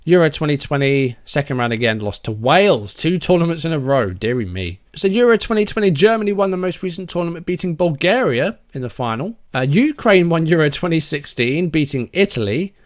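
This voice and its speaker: A man's voice: a little high, big pitch swings, fairly quick, few pauses. Chatty man reviewing a game. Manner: chatty, musing aloud, easily surprised. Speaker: gaming YouTuber. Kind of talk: casual game commentary.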